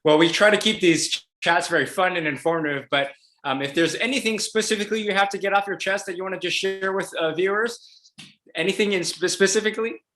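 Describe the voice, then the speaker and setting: A man's voice: high voice, brisk, bright, forceful tone, roomy sound. A man hosting a video interview as a legislator, upbeat and reading an introduction with some fillers. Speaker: host, state legislator.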